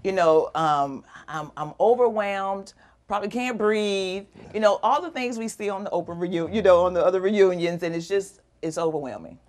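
A woman's voice: medium pitch, moderate pace, darkish tone. A middle-aged woman, a guest on an interview show, telling an emotional personal story and animatedly acting out the voices of people she quotes.

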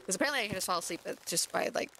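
A woman's voice: medium pitch, expressive, rapid-fire, sharp tone, a little hiss or hum. Chatty woman streaming a game. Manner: chatty, rambling, many fillers. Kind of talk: casual game-stream commentary.

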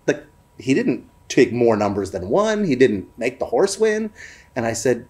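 A man telling a family story in a warm, lively storytelling manner for a family worship program. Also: medium pitch, a little slow.

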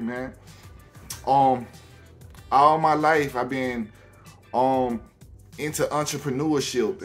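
A young YouTuber from Alabama with a Southern accent talks casually to camera on his own channel in a mid-range voice. He halts often, with plenty of ums and restarts, and faint music plays behind him.

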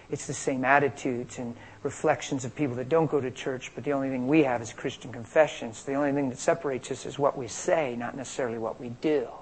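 A man preaching a sermon on healing, telling stories with animated energy and acting out the quotes. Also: mid-range voice, slight background noise, poor audio.

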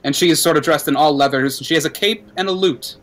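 Male game master, slightly high voice, loose rambling scene narration. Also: fast, a bit bright. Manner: loose, rambling descriptions with restarts.

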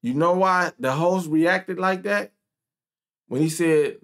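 A man ranting and reacting to news clips, loud and profane, repeating his points over and over. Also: a little high, takes it slowly. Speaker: commentator.

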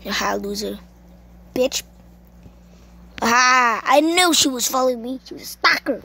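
A woman giving casual, excitable gameplay commentary, shrieking and cursing at what happens in the game. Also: high voice, measured pace, creaky, slightly rough. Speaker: gamer.

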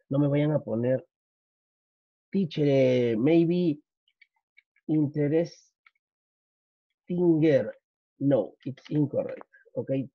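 A man with a Spanish accent teaching an English grammar lesson, explaining slowly, repeating points and switching into Spanish for his students. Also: a little high, slightly rough, no room sound. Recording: dull lo-fi.

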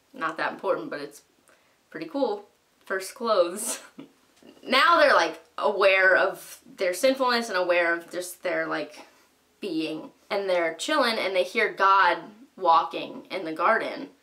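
A woman's voice: mid-range voice, sharp tone. A young woman hosting a Bible study, retelling the story in a breezy, slangy way full of "like". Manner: breezy, slangy, heavy use of "like".

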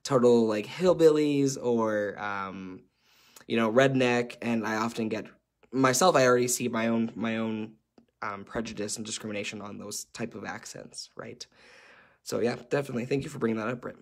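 A man's voice: mid-range voice, normal speed. A man facilitating a workshop, explaining a chart in a conversational way with frequent ums and uhs.

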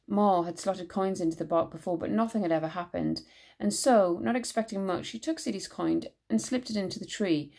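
Gravelly-voiced woman reading a children's book. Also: lowish voice, brisk. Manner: expressive storytelling narration. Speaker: teacher reading aloud. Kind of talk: children's book read-aloud.

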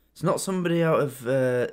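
A reaction video host, commenting in an animated, chatty way and laughing often. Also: mid-range voice, clear, resonant tone.

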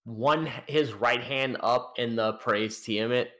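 Slow, bright-voiced young game master. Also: male voice, mid-range voice. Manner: halting, full of restarts and fillers. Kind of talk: narrating a tabletop game.

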